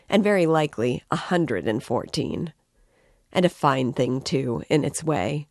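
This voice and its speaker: A woman's voice: deep voice, no echo, clean studio sound. A woman reading as a tipsy ranting young man. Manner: impassioned, ranting. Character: excitable drunken young man, effusive.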